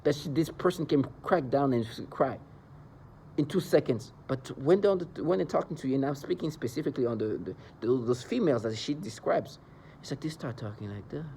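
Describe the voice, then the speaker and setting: A man's voice: mid-range voice, lively intonation, fairly quick, mellow, slight background noise. A man delivering an agitated, rambling monologue into the camera, with mocking asides. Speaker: vlogger describing being targeted. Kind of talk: angry monologue.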